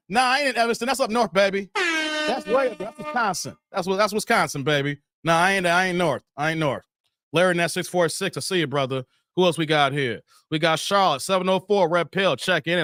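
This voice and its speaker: Male stream host, higher voice, playful banter, dry close sound. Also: a bit bright, no room sound. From Chicago area. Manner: laid-back, playful, trash-talking banter. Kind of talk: casual live stream chat reading comments.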